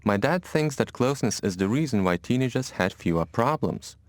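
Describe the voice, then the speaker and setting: A man calmly telling a scripted story about his family, for a listening exercise. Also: medium pitch, fairly quick, dry recording, studio quality. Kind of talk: scripted personal monologue.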